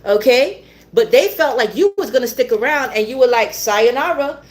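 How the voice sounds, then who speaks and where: A woman's voice: on the high side, expressive, normal speed, a little mellow. Blunt, swearing woman tarot reader. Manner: blunt, swears, repeats herself, laughs often. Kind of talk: live tarot reading.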